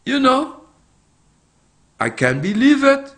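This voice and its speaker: Fiery high-voiced man. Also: big pitch swings, slow, fairly bright tone. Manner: fiery, emphatic, repetitive rhetorical questions. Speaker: political commentator. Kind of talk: impassioned political commentary.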